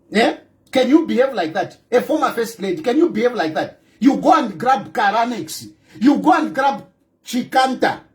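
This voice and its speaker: A man with a Zambian accent giving an emphatic broadcast monologue as a political commentator, with repeated rhetorical questions. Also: very high-pitched. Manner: emphatic and repetitive, rhetorical questions, switching into local phrases.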